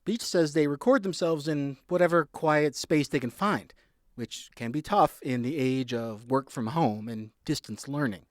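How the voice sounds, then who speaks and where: A man reporting a scripted radio news feature in a lively, measured delivery. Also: on the high side, no echo, clean studio sound.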